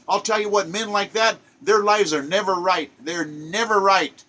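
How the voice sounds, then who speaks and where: A man's voice: high-pitched, normal speed, few pauses, bright, forceful tone. An older man delivering a preachy, exhortative spoken monologue, driving his points home by repeating them. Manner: exhortative, preacherly, repetitive emphatic phrasing. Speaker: self-published poet giving a monologue.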